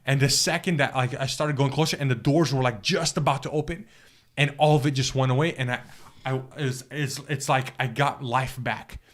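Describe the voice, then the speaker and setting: A man recounting a personal spiritual experience in an interview, speaking earnestly and haltingly, with frequent restarts and fillers. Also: mid-range voice, steady tone. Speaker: guest telling his testimony.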